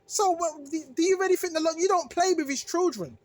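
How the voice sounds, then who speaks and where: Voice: extremely high pitch, brisk, dry recording. A religious video maker preaching casually to viewers, repeating phrases for emphasis, restarting sentences and often asking "right?". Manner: self-correcting, restarts phrases.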